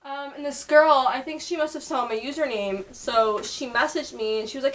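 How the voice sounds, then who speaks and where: A woman's voice: sits high, moderate pace, hardly any pauses, fairly bright tone, rough recording. A young woman from upstate New York with a New York accent, chatting casually on her video with lots of fillers. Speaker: vlogger. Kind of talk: casual chat.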